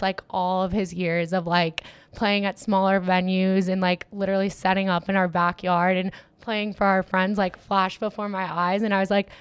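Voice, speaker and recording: A young woman talks in a casual interview, excitable and full of "like" fillers as she tells about her work. Her voice is smooth and clear. The sound is dry and close, with no room around it. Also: mid-range voice, dry recording. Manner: chatty, lots of "like" fillers, excitable. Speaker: event organizer and DJ manager. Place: Miami.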